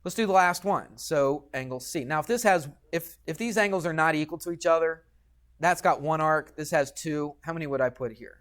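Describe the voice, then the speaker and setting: A man's voice: fairly high pitch, a little fast, fairly bright tone. A man teaching a geometry lesson in a classroom, patient and chatty, often checking in with the students. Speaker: high school math teacher.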